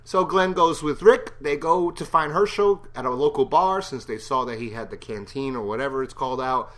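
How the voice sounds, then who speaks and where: Bright-voiced rambling man reviewing TV. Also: mid-range voice, expressive, moderate pace. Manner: rambling, self-deprecating, jokey. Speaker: TV episode reviewer. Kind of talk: casual spoken review.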